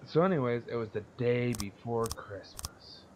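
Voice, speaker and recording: A man's voice: medium pitch, normal speed, slight background noise. A young man casually telling a story on a podcast, blunt and profane, rambling and laughing as he goes. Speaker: podcast co-host.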